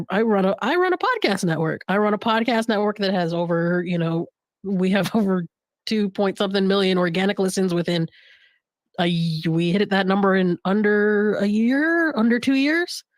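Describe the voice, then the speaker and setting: A woman talks frankly and with humor on a casual panel, often laughing and starting her sentences over. Her voice sits at a middle pitch and is recorded dry and close. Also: animated, moderate pace, dry recording. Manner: candid, joking, laughs often, restarts phrases. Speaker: podcast network director.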